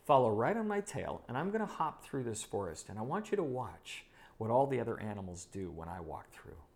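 A man voicing a crafty, quick-thinking little male rabbit in a parable, with a gravelly voice. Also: medium pitch, sing-song, a little mellow. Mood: scheming. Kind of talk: storytelling a parable in a lesson.

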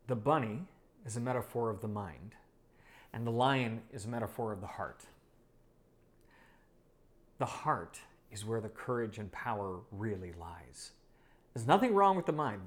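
A man teaching a leadership course module, emphatic and fond of repeating phrases for effect. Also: mid-range voice. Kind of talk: online course lesson.

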